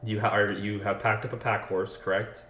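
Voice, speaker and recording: A man's voice: lowish voice, flat delivery, a little fast, a bit bright, a little hiss or hum. A man running a tabletop game on a live stream, talking casually and loosely, apologizing often and restarting his sentences. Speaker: game master. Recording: roomy echo.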